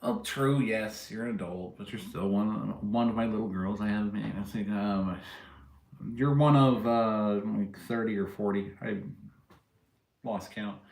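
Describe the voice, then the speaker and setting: A man's voice: fairly low pitch, measured pace, darkish tone, echoey room. A man hosting a casual livestream, rambling and joking with viewers and laughing at his own stories. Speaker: livestream host chatting with viewers. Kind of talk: casual rambling live chat.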